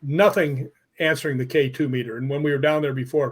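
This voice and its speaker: A man telling stories as a guest on a live online show, animated and laughing as he goes. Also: on the high side, fairly quick, slightly rough. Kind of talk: casual storytelling.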